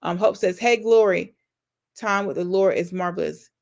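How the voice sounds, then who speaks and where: Creaky-voiced woman hosting a live Q&A. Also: fairly low pitch, moderate pace, darkish tone. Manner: earnest, affectionate, faith-filled talk to viewers; reads out viewer comments and answers them. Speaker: YouTube channel host. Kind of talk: casual live-stream Q&A.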